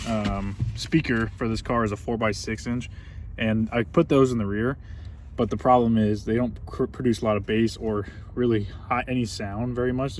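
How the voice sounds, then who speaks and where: A man's voice: medium pitch, a little mellow, distant mic. A man talks casually through a car repair in his garage, rambling with frequent ums and false starts. His voice sits a bit away from the mic, with light background noise around him. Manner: loose and chatty, many ums and restarts. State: out of breath from working. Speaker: car channel host. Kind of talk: casual DIY car vlog.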